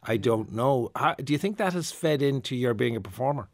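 A man's voice: mid-range voice, expressive, brisk, no room sound. A man hosting a radio arts show, talking with guests in studio, laughing easily and restarting sentences. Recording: dry studio with faint music.

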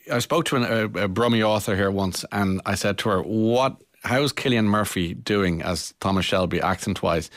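A man's voice: on the low side, a bit bright, no echo, studio quality. A man with an Irish accent, hosting a radio interview in a chatty, hesitant way with many fillers. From Ireland. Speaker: radio host.

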